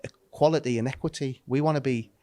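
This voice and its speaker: A man's voice: medium pitch, fairly even intonation, fast, warm tone, dry recording. A man speaking as a pastor guest on a podcast, earnest and reflective. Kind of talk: casual discussion.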